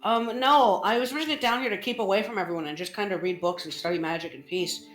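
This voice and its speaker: A woman voicing an excitable aging male hermit scholar who is easily awed and prone to outbursts. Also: medium pitch, fast talker, lightly acted. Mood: eager. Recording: roomy with faint music.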